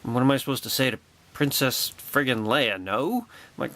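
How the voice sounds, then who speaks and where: A man vlogging a personal anecdote with excitable, wry storytelling and a sarcastic edge. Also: mid-range voice, moderate pace, slight background noise.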